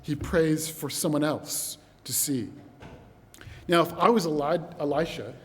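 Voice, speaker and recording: A man preaching a sermon, telling a scripture story in a lively, animated way and speaking to the congregation as brothers and sisters. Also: a little high, unhurried. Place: church hall. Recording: long hall reverb.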